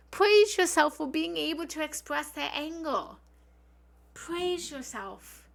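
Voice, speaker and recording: A woman's voice: high-pitched, expressive, a little slow, vocal fry, a bit bright. A woman giving an earnest, encouraging live-stream self-help talk as a spiritual love coach, speaking frankly and repeating affirmations from her home office. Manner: frank, occasionally swears. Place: home office and meditation room.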